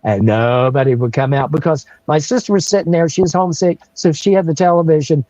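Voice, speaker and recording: Animated older man telling a story. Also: a little high, brisk, no room sound, muffled recording. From North Carolina, USA. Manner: animated, laughing often, frequent restarts. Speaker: guest telling a personal story. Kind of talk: casual storytelling.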